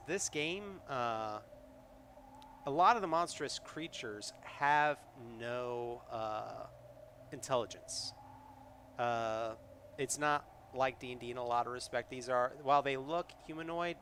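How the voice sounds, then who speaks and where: A man's voice: mid-range voice, fairly bright tone, slight background noise. A man streaming a live solo tabletop game, reading the adventure aloud and chatting with viewers in a rambling way, full of fillers and restarts.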